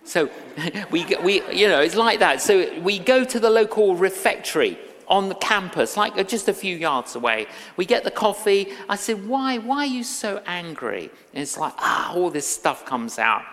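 A woman's voice: mid-range voice, lively intonation, normal speed, a bit bright. A woman evangelist preaching a sermon, telling stories and acting out what people said. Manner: storytelling, acting out quoted lines. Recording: reverberant hall.

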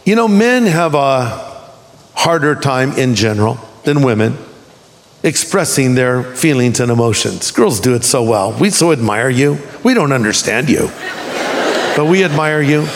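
A man preaching a sermon as a pastor, with emphatic swings in pitch and deliberate slowdowns for emphasis. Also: animated, background noise. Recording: long hall reverb.

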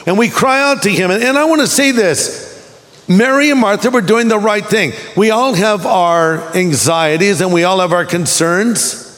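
A pastor with a notably high voice delivers a sermon, rising and dropping his pitch for emphasis and slowing down on key words. The sound carries the long reverb of a large hall. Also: a bit bright. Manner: preaching with emphatic swings in pitch.

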